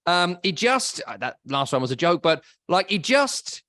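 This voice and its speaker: A man's voice: sits high, big pitch swings, normal speed, bright, forceful tone, no room sound, clean studio sound. A man with an English accent co-hosting a casual football podcast, wry and opinionated. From England. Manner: opinionated, wry, hesitant restarts. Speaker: podcast co-host.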